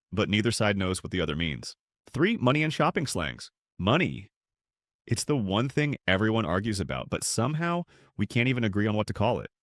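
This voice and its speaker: A man narrating a scripted explainer video in a playful way, with upbeat jumps in pitch. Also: no echo, clean studio sound.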